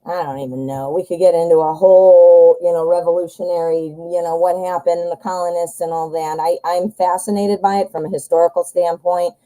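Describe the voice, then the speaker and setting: This woman from the United States talks her way through a live tarot reading in an easy, rambling manner. Her voice sits a little low and sounds warm and mellow. She keeps things casual and affectionate with viewers. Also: fairly even intonation, a little fast, hardly any pauses, poor audio. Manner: chatty, rambling, addresses viewers as hun and honey. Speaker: tarot reader.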